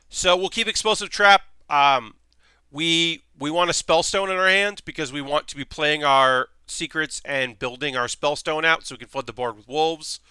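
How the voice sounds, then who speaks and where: A man's voice: a little high, pushed and bright, clear, resonant tone, no echo. A man streaming a card game live, chatting casually and thinking aloud with frequent ums and restarts while greeting viewers.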